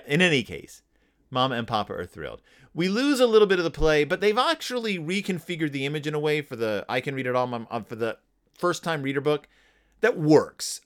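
A man hosting a podcast, casually talking through a children's book with frequent restarts and fillers. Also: medium pitch. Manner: lively, halting with many restarts and fillers. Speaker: podcast host.

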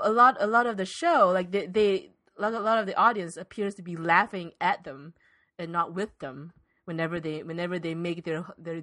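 A woman's voice: lowish voice, pushed and bright. Emphatic, sarcastic woman podcast co-host. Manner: emphatic, repeats herself, sarcastic. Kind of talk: comedic podcast chat.

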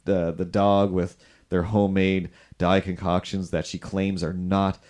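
A man's voice: deep voice, little pitch movement, a little slow, a little mellow. A man hosting a podcast in casual, rambling, jokey chat, sometimes putting himself down. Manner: rambling, jokey, self-deprecating. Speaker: podcast host.

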